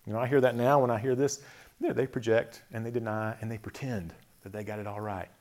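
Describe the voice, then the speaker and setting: A man giving a reflective talk on faith, thoughtful, often chuckling softly and listing words slowly. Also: lowish voice, steady tone.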